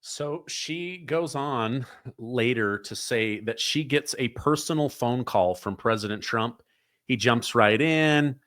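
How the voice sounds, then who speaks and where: A male host giving excitable, conversational news commentary. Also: medium pitch, slow pace, dry recording, studio quality.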